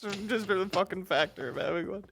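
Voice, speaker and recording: A relaxed man in casual podcast banter who laughs easily and drops a curse here and there. His voice is high for a man. Faint music plays behind him. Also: fast, creaky, slightly rough, dry recording. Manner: laid-back, laughing, swears.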